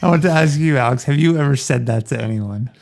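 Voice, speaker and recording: A man's voice: medium pitch, fast, creaky, darkish tone. A man co-hosting a podcast, chatting casually about a film, laughing often and slipping into playful impressions. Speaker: podcast co-host. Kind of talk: casual film-discussion chat.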